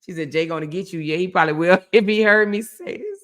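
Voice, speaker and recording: A woman hosting a livestream. She chats casually with her viewers in an animated, teasing way and reads their comments aloud. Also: lowish voice, quick pace. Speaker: livestream host. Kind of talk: casual chat with live viewers.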